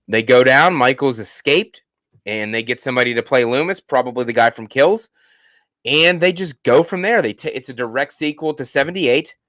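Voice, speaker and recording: Male stream host, casual chat, jokey, lively pitch, dry close sound. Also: normal speed, no echo. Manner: animated and jokey, many fillers and restarts. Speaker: host of a horror movie channel. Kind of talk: casual live-stream chat, reading viewer comments.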